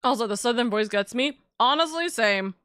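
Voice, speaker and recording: A woman's voice: on the high side, lively intonation, moderate pace, a bit bright, clear, resonant tone, no room sound. Giggly streamer woman, dry close mic. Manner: giggly, rambling. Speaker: streamer host. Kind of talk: casual chat while playing.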